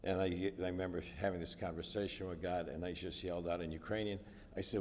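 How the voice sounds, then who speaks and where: Low-voiced man preaching in a reverberant church. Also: steady tone, quick pace, a little mellow, slight background noise. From United States. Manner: storytelling, conversational with fillers. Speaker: guest speaker. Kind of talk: personal testimony sermon. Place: church sanctuary. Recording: distant reverberant church hall.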